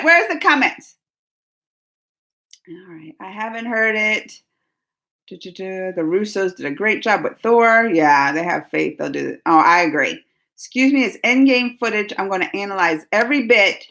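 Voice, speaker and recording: A woman hosting a casual live chat, talking fast with lots of "like" and "y'all", laughing and reading out viewer comments. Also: medium pitch. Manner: animated, laughing, full of "like" and "y'all". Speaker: live stream host.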